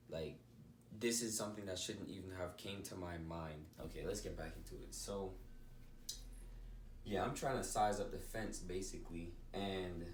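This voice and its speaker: A man with a very low voice tells a childhood story in a casual vlog, lively and laughing as he acts out what happened. He sits back from the mic in an echoey bedroom, with faint music playing under his voice. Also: recorded from a distance. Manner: animated, laughs often, acts out scenes. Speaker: vlogger. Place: indoor room, bedroom.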